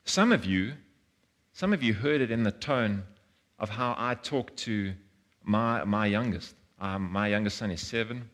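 A man's voice: on the low side, animated, unhurried, a bit bright. A man, preaching a sermon in an earnest way, often repeating words and acting out voices. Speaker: pastor.

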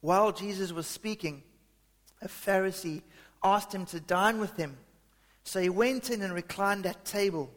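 A man's voice: high-pitched, measured pace. A man preaching a sermon as pastor, talking conversationally with many fillers and restarts. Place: church hall. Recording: long reverb of a large hall.

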